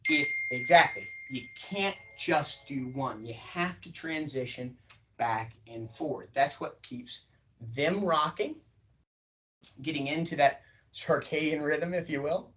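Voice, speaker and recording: A man teaching a sales class, stretching his pitch high and low to show how inflection works. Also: slow, far from the mic, highs cut off. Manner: animated, swings pitch up and down for demonstration. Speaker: sales trainer. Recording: voice from across a room.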